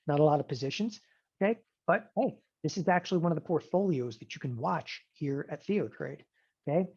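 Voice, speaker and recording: A man's voice: on the high side, darkish tone. Guy hyping a trading webinar, really emphatic, keeps saying okay, kinda dull lo-fi sound. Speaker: trading instructor. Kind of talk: online seminar sales pitch.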